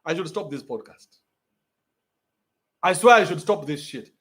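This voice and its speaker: Animated Kenyan man ranting on a podcast. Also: a little high, measured pace. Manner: animated, mocking, swears freely, mixes Sheng with English. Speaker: podcast host. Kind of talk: ranting commentary.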